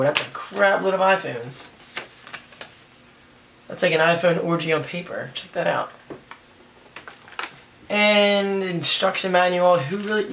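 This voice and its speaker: Hoarse young male vlogger, excited and rambling, a bit high, recorded from a distance with faint noise behind. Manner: excited, rambling, self-deprecating. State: hoarse, raspy from yelling. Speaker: tech vlogger. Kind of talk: casual unboxing vlog.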